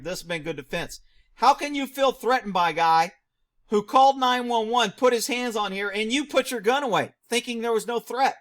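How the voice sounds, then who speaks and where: A man reacting to a news clip, firing off rhetorical questions, answering them himself and shouting mocking asides. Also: high voice, lively intonation, normal speed. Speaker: video commentator; former police officer.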